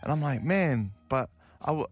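A man's voice: mid-range voice, animated, brisk. A man with a New Zealand accent co-hosting a radio show, chatting casually and rambling a little. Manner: laid-back, rambling, says man a lot. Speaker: radio host. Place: radio studio.

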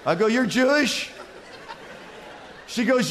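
Male pastor, sermon, high lively voice, long hall reverb. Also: moderate pace, a little hiss or hum. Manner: animated storytelling, swinging from loud to quiet.

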